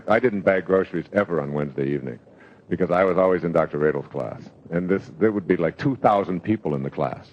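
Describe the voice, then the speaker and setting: An older man giving a motivational lecture, telling stories in a reflective way with pauses and fillers. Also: low voice. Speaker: motivational speaker. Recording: dull lo-fi lecture recording.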